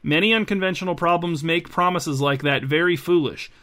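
Formal middle-aged consultant played by a man, measured, cautious, polite. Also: on the high side, a bit bright, pitched above the performer's own voice, natural voice. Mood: cautionary.

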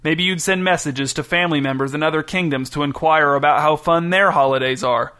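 A man's voice: fairly high pitch, fairly quick, pushed and bright. A man voicing a proud, touchy king who grows indignant and commanding in a storybook reading. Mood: bitter. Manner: pompous, raises his voice in anger.

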